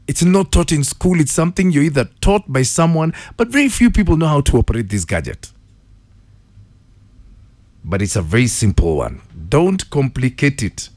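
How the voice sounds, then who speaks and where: A man's voice: a little high, moderate pace, no room sound. Kenyan guy hosting morning radio, bouncy voice that swings up and down, dry close studio mic. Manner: upbeat, playful, lively greetings. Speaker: radio host. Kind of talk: morning radio call-in quiz. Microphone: studio microphone.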